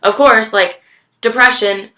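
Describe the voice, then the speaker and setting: A young woman talks straight to her camera in a bright, clear voice. She tells her story candidly, with halting restarts and plenty of swearing. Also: fairly high pitch, steady tone. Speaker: vlogger.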